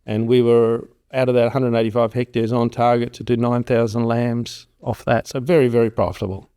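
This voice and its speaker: A man's voice: medium pitch, a little fast, clear, resonant tone. A middle-aged man, telling stories in a rambling, casual way as a farm consultant in an interview. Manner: rambling, animated storyteller who acts out quoted voices.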